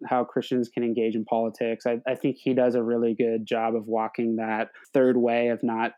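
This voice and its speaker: A young man talks through his thoughts as a podcast guest, his voice warm and mellow. He hesitates often, repeating words and restarting his sentences as he works out what he means. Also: medium pitch, monotone, moderate pace. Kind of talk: reflective conversational talk.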